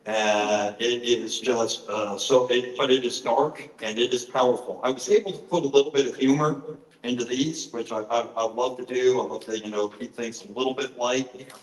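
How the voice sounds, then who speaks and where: Middle-aged male author, mid-pitched, earnest storyteller, roomy conference-hall sound. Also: steady tone, normal speed. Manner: earnest, storytelling, frequent fillers. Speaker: author giving a presentation. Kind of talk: conference talk with personal stories.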